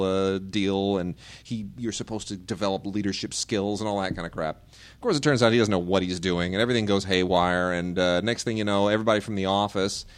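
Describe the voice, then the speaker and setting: A man co-hosting a podcast, chatting casually and rambling through a movie review in a loose, jokey way. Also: low voice. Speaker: podcast co-host.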